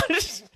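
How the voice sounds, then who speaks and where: A man's voice: very high voice, pushed and bright. A man co-hosting a podcast, casually telling a rambling story and laughing often. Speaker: podcast co-host. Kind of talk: casual chat.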